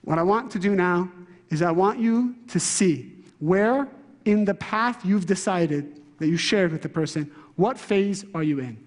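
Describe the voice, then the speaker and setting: A man giving an animated, interactive lecture to a live class, asking the room questions and shifting his voice often. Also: high voice, measured pace, long reverb tail. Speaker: spiritual teacher.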